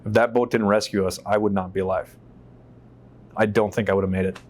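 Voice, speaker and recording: A man from the United States tells his story as an interview guest, speaking in a fairly low voice. His telling is animated and profane, and he acts out the lines of the people he quotes. He is seated on a stage inside a shop. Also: a little fast.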